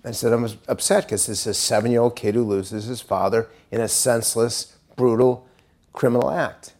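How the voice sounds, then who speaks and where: A middle-aged American man giving a speech to a university audience, telling a story in an earnest way and dropping quiet and grave at serious points. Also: medium pitch, fairly even intonation, moderate pace. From United States. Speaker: pollster giving a talk.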